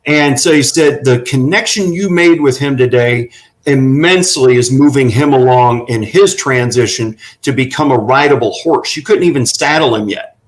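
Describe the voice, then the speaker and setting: A man's voice: mid-range voice, normal speed, low-quality recording. A middle-aged man telling earnest, folksy stories about working with horses as a guest on a talk panel. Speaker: guest running horse therapy for veterans.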